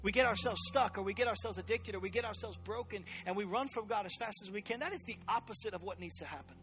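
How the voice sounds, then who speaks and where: High bright-voiced pastor guy preaching in church, lively and chatty. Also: fast, soft background music. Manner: energetic, conversational, joking asides. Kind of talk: sermon.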